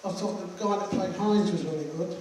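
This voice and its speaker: A man's voice: high-pitched, fairly even intonation, a little fast, a little mellow, slight background noise. An older man, a veteran musician, answering audience questions after a film screening in a joking, blunt, rambling way. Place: screening hall. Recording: echoey hall from far off.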